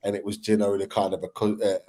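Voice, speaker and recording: A man hosting a relaxed football podcast. He speaks in a fairly low voice and rambles on with upbeat enthusiasm. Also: quick pace. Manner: chatty, upbeat, rambling with restarts. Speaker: podcast host. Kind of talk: casual football chat.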